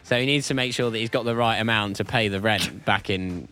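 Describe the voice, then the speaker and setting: A man's voice: fairly low pitch, brisk, bright, forceful tone, smooth. A man co-hosting a casual comedic radio chat, making dry, wry jokes. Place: radio studio.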